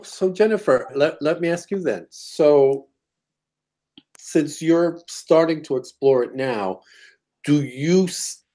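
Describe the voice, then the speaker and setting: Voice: medium pitch, darkish tone. A co-host in casual online panel chat, putting probing questions to a guest.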